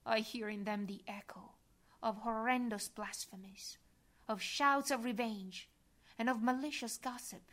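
A woman reading a devotional prayer aloud in a soft, reverent manner, sometimes dropping to a breathy whisper. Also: on the high side, fairly even intonation, unhurried. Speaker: devotional reader.

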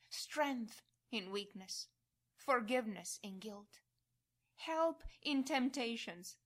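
Slow, hushed woman reading prayers. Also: fairly high pitch. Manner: hushed, often sinking to a whisper. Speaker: prayer reader.

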